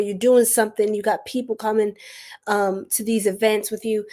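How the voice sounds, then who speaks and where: Woman tarot reader on a casual live stream, slightly high voice, talkative and lively with viewers. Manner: chatty, animated, laughs often, says y'all. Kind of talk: casual livestream reading.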